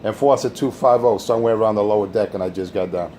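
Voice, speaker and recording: A man's voice: lowish voice, quick pace, noisy background. A man hosting a crude, taunting radio rant. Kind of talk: insult-heavy radio rant.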